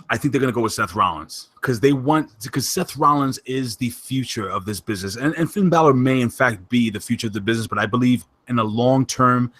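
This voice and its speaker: A man hosting a wrestling podcast in casual chat, excitable and emphatic, joking as he talks. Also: mid-range voice, no room sound. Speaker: podcast host.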